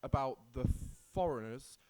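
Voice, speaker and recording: A man's voice: mid-range voice, normal speed, a little mellow. A young man co-hosting a casual podcast, teasing his partner and often breaking into giggles. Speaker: podcast co-host. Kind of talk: casual chat.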